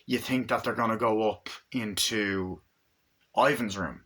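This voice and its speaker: Casual male reviewer, lowish voice with a tense, bright edge, profane, rambling retelling. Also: measured pace, slightly rough. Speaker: movie reviewer.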